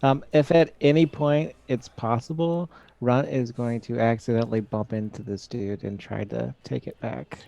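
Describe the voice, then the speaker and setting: A man's voice: medium pitch, steady tone, normal speed, vocal fry, hardly any pauses, mellow. A man playing at a tabletop game, asking the game master questions casually. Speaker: player. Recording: lo-fi audio.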